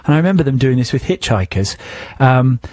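A man's voice: mid-range voice, lively intonation, a little fast, darkish tone, no echo. A man co-hosting a radio show, chatting in a wry, dismissive way. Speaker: radio co-host. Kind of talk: casual radio banter.

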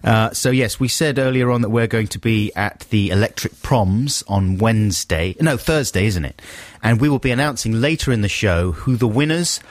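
A man's voice: on the low side, normal speed, hardly any pauses, no echo. A man presenting a radio show, bantering with his co-host and laughing often. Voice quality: laughs often, animated delivery. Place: radio studio. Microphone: studio microphone.

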